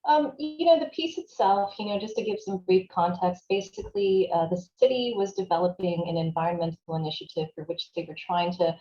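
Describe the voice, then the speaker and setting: A woman with a low-pitched, mellow voice talks reflectively in an interview, often pausing on "you know" and "like" as she works through ideas. The sound is roomy and a little dull, as if recorded lo-fi in an echoing room. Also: expressive. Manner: thoughtful, searching, frequent "you know" and "like" fillers. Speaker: writer and performer, interview guest.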